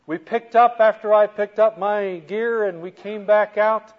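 A man preaching a sermon as a story, animated, moving from soft to loud. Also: high-pitched, a little slow, phone-quality sound.

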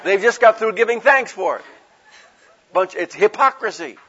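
A man's voice: sits high, expressive, normal speed, bright, forceful tone, breathy edge. A man preaching a sermon in a folksy, conversational way, asking his listeners rhetorical questions and acting out the people he quotes. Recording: dull lo-fi recording.

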